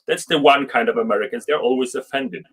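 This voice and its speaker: A man hosting a live show who reads out viewer comments and jokes around, talking haltingly with frequent restarts. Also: medium pitch, breathy edge. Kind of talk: casual live-stream chat, reading viewer comments.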